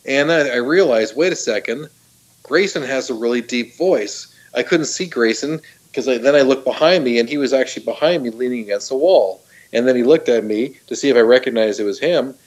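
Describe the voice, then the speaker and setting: Excited man retelling a vivid story. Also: medium pitch, brisk, few pauses, highs cut off. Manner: excited, laughing often, many restarts and fillers. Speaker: guest telling a personal story. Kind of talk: casual storytelling on a talk show.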